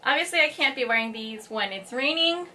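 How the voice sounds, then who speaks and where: A young woman filming a casual unboxing vlog in her home workshop, bubbly and quick to squeal and giggle with excitement. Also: high-pitched, slight background noise. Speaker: vlogger.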